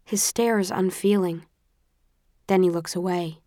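A woman narrating a first-person audiobook with a tense, expressive storytelling manner. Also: on the low side, a little slow, no room sound, studio quality.

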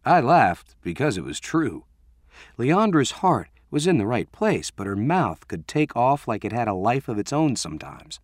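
A man's voice: on the low side, big pitch swings, unhurried, dry recording, clean studio sound. A man narrating a first-person story in a wry, conversational way.

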